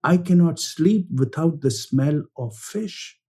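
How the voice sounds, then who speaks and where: A man voicing a frail, poor old fishwife who begs in a high, hurried voice and repeats herself. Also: expressive, warm tone, husky, heavily acted. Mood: pleading. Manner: begging in a rush of repeats.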